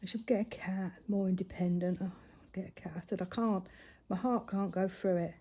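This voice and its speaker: In a muffled recording, a woman who vlogs about crafting colours and chats loosely about her life as the mother of a grown daughter. Her voice is mid-range and husky with a steady tone and moderate pace, often falling to a near-whisper.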